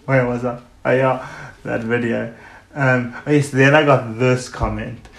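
A man hosting a podcast in a casual ranting monologue, emphatic and sarcastic, hitting words loudly and then dropping into muttered asides. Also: mid-range voice, flat delivery, measured pace, creaky. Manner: emphatic, sarcastic, swings between loud stresses and muttered asides. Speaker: podcast host. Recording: roomy echo with faint background noise.

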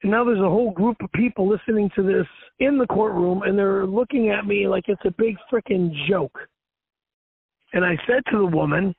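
A man's voice: high voice, moderate pace, creaky, husky. A man ranting angrily and profanely in a vlog, telling a story outside a courthouse. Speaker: internet show host. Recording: tinny dry phone-like recording.

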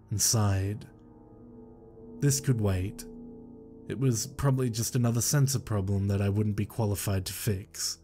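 A man narrating a horror story in a slow, measured, somber way. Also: lowish voice, mellow.

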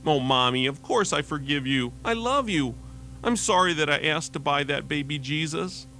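A man's voice: fairly high pitch, normal speed. A man voicing a sweet, earnest little girl of about five in a radio devotional story. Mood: tender. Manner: pleading, gentle child voice.

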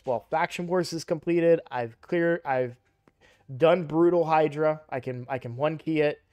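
A young man casually commenting on a mobile game he plays, rambling and correcting himself, louder and livelier when excited. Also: a little high, unhurried. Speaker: gaming YouTuber.

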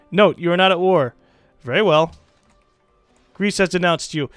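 A young man giving casual, excitable commentary while playing a strategy game, swearing and teasing the computer opponents. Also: sits high, moderate pace, pauses often, dry recording, studio quality, soft background music. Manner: excitable, swears, mocks game leaders in put-on voices. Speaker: let's play gamer.

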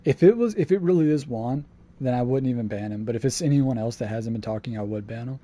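With a mellow, medium-pitched voice and quick delivery, a man streams a survival game. His commentary is casual and peppered with swearing, flipping between relaxed and annoyed.

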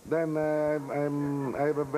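Older Italian-accented man in halting English. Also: fairly high pitch, monotone, over loud music. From Italy. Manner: halting, broken English with searching pauses. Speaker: talk show guest. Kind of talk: interview answers. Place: TV studio.

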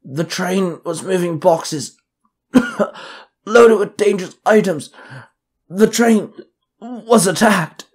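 A man doing a croaking, coughing old conductor. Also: high-pitched, pitched above the performer's own voice, heavily acted. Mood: weak. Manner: slow, croaking speech broken by coughs.

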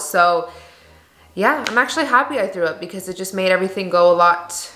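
A woman's voice: medium pitch, fast, pushed and bright. A young woman vlogging in a candid, chatty way, full of "like" and "you guys.". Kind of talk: casual chat to camera. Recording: echoey room.

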